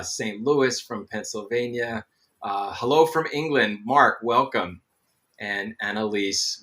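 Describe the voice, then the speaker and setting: A man's voice: on the low side, bright, forceful tone. A middle-aged man hosting a live webcast, chatting in a friendly way with many ums and greeting viewers by name. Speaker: show host. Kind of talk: live webcast host chat.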